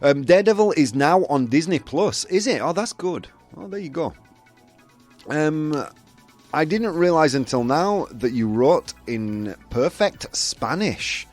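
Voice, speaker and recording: A Yorkshire-accented man hosts a casual live show, chatting loosely with plenty of fillers and laughs. His fairly high voice has lively intonation and a measured pace, with soft background music behind him.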